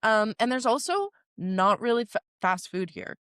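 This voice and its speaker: A young woman from Canada in her twenties, co-hosting a podcast and telling animated, giggly stories. Her voice sits at an ordinary pitch for a woman. It is recorded close on a podcast mic in a dry, dead room. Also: normal speed, no echo. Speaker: podcast co-host. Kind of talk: casual chat.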